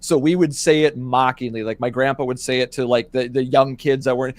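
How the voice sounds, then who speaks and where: A man telling a family story on a casual podcast, halting and restarting as he goes. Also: mid-range voice, steady tone.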